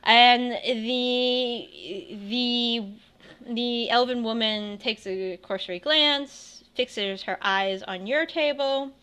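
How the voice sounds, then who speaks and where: A young woman runs a tabletop session, her voice bright and sharp, her pace slow and unhurried. She narrates scenes chattily, laughing often and restarting her sentences. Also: a little high, clean tone. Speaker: game master.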